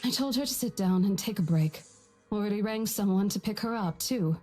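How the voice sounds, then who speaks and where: A woman's voice: medium pitch, brisk, mellow, soft background music, close to an everyday voice. An actress voicing an apologetic estate agent woman in a game, placating and soothing. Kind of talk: voiced game dialogue.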